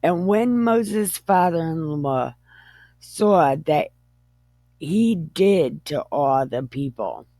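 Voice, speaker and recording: A woman reads scripture aloud at a very slow pace, breaking into giggles and tripping over words. Her reading is irreverent and joking. The sound is dry and close. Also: low-pitched, expressive, mellow, dry recording. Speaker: Bible reader. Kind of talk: irreverent comedic Bible reading.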